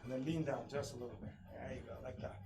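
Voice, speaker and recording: A man teaching a live online taekwondo class, calling kick counts and drills with sharp shouts. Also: mid-range voice, steady tone, quick pace, distant mic, faint music behind. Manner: coaching commands, loud kiai shouts. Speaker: taekwondo instructor. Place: training studio.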